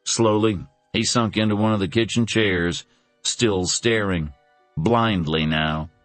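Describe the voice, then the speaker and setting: A man with a very low voice reads a suspense audiobook in a measured, dramatic way. The recording is close and completely dry. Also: no room sound, faint music behind. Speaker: audiobook narrator. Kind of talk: scripted narration.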